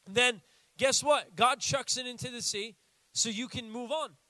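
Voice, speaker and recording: A young American man preaching a sermon in a casual, animated way, acting out little quotes as he goes. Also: extremely high pitch, measured pace, no room sound. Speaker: pastor.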